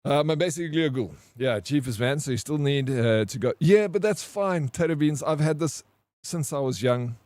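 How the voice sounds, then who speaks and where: A man streaming and telling a personal story in casual chat, animated and full of swearing and "bro". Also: on the high side, moderate pace, no echo. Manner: animated, swears a lot, says "bro" constantly. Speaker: live streamer.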